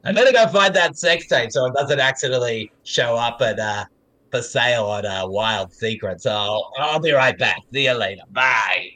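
A man's voice: medium pitch, lively intonation, moderate pace, sharp tone. A man with an Australian accent, joking and laughing as co-host of a casual movie commentary chat. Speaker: podcast co-host.

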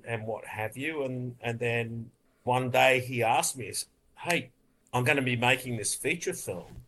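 A man tells stories in a loose, rambling way, laughing and swearing as he goes. His voice is bright and forceful, with a pitch in the middle of the range for a man. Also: slight background noise. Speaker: film editor, interview guest. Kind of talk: casual interview storytelling.

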